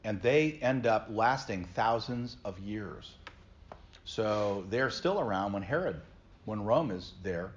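A man's voice: fairly low pitch, lively intonation, slow, a little hiss or hum. A middle-aged man, a pastor, teaching a Bible study class and explaining scripture earnestly to his group. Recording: slightly dull lo-fi recording.

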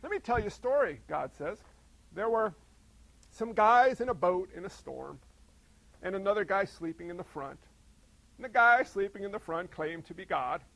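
A man's voice: high-pitched, lively intonation, moderate pace, gravelly, a bit bright, no echo, rough recording. A man preaching a sermon in a conversational way, posing rhetorical questions and repeating phrases to a congregation. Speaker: pastor.

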